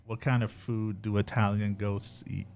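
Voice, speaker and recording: A man's voice: fairly low pitch, level tone, normal speed, darkish tone, clear, resonant tone. A man co-hosting a casual chat, easygoing, telling jokes and little stories. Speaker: podcast co-host.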